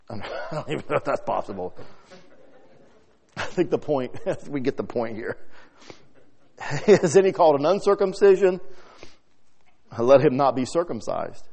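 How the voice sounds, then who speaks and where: Animated male preacher. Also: mid-range voice, measured pace, vocal fry, pauses often, slightly rough. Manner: lively preaching, swings from soft to loud emphatic reading. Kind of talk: sermon.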